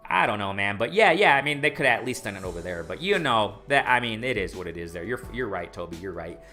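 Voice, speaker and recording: A man's voice: lowish voice, big pitch swings, fast talker, sharp tone, soft background music. A man hosting a casual boxing live stream, rambling with many restarts and repeated words, often adding "you know what I'm saying", "man" and "bro". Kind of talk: casual live-stream chat, reading viewer comments.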